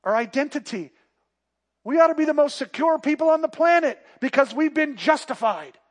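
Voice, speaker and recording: Man, pastor, sermon, high-pitched voice, quiet stretches and loud emphatic bursts. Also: expressive, moderate pace. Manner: swings from hushed to loud emphatic preaching.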